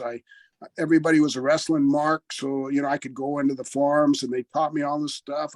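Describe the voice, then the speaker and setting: An older man, a former wrestler, telling a story in an interview in an animated, anecdotal way, acting out the voices of the people he quotes and chuckling often. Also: fairly high pitch, no room sound, low-quality recording. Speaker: retired wrestler guest.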